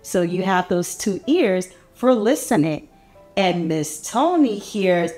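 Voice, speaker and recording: A woman from Africa reading a picture book aloud to young children, animated and playful, stopping to ask them questions. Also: medium pitch, slow, soft background music. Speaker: children's story reader. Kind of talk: read-aloud storytime for children.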